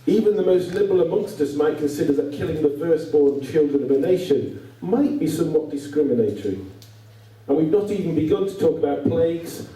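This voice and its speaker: A man delivers a talk full of dry, deadpan irony. His voice is deep and dark in tone. He is heard from a distance in a large, very echoey hall. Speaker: speaker addressing youth workers. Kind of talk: humorous talk to an audience.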